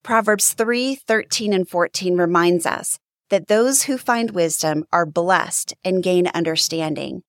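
A woman's voice: on the low side, a little slow, dry recording, clean studio sound. A woman hosting a faith-based podcast who teaches in an earnest, encouraging way and acts out sample phrases. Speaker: podcast host.

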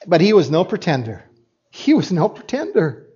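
A man's voice: high-pitched, big pitch swings, moderate pace, mellow, breathy edge. A man preaching a sermon as pastor, reading scripture and making emphatic points with repeats and asides to the congregation. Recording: dull lo-fi recording.

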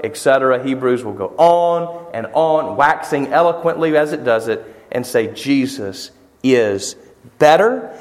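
A man with a Southern American accent preaching a sermon as pastor, animated and emphatic, with rhetorical questions and repetition. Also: high-pitched. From Southern United States. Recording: long hall reverb.

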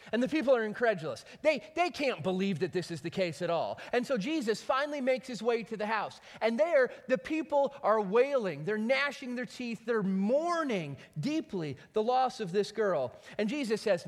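A man preaching a sermon, retelling a story with animated, dramatic delivery. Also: high-pitched, moderate pace, big-room sound. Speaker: pastor.

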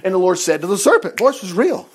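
A man's voice: sits high, very animated, quick pace, breathy edge. A man preaching a sermon, reading scripture aloud and breaking off into folksy, exclaiming asides to his listeners. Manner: folksy, talks straight to the congregation.

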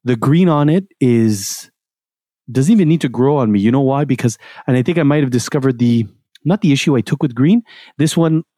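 A man co-hosting a podcast in relaxed casual chat, rambling with fillers and restarts. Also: medium pitch, fairly quick, dry recording, clean studio sound. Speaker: podcast co-host.

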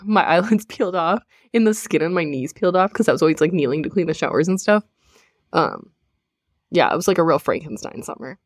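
A woman's voice: fairly low pitch, expressive, brisk, dry recording, clean studio sound. A young woman co-hosting a podcast, telling a story in a casual, laughing way and swearing freely. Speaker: podcast co-host. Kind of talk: casual chat.

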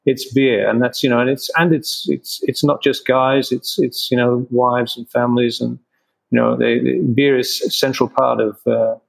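A man's voice: mid-range voice, little pitch movement, moderate pace, creaky, low-quality recording. A man in an interview, a craft brewer answering questions with many restarts and fillers.

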